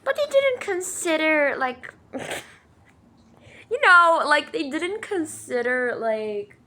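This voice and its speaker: A woman's voice: sits high, big pitch swings, slow, pushed and bright. A woman telling a story in a casual, rambling way, full of fillers and emphatic swearing. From Brazil. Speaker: vlogger.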